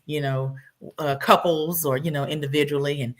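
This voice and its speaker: A woman's voice: low-pitched, steady tone, moderate pace. A woman podcast host in casual interview chat, rambling a little with fillers and sounding enthusiastic.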